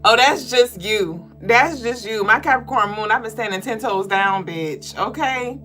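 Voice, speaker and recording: A woman chatting on her livestream in a bright, forceful voice that sits a little high. She talks slowly and swears freely between excited greetings to viewers. Soft music plays underneath. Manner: excitable, profane, reads viewer comments aloud. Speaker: livestream spiritual reader. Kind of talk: casual livestream chat.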